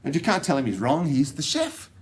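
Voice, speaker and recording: A man's voice: a little high, huge pitch swings, brisk. An Australian man giving a technical talk to an audience, joking and rambling with plenty of fillers and restarts. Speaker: conference speaker. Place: conference room.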